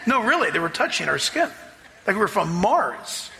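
Animated storytelling pastor in a hall. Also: male voice, sits high, moderate pace, gravelly, slight background noise. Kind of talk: sermon.

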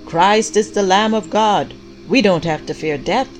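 A woman putting on a fervent male preacher who hollers his sermon at full force. He sounds high-pitched and loud, with a preachy storybook cadence. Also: unhurried, faint music behind.

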